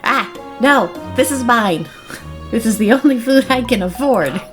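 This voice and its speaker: A woman's voice: a little high, expressive, a little slow, over music. A woman voicing a poor, scrappy young man who answers back in a whiny, defensive way.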